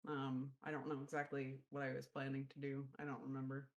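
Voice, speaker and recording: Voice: mid-range voice, monotone, brisk, dull audio. A player in an online tabletop game, chatting casually and giggling often. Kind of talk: casual chat at the gaming table.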